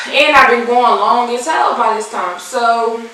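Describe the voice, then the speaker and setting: A young woman, animated and swearing, acting out the people in her storytime vlog while she does her makeup. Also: on the high side, takes it slowly, far from the mic. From Philadelphia. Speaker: vlogger. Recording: echoey room, off-mic, faint hiss.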